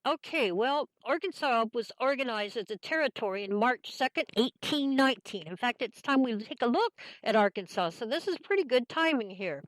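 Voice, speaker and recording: A woman's voice: fairly high pitch, expressive, moderate pace, few pauses, no room sound, rough recording. A woman from Kansas hosting a folksy talk radio show, chatting in a homey, meandering way with lots of fillers.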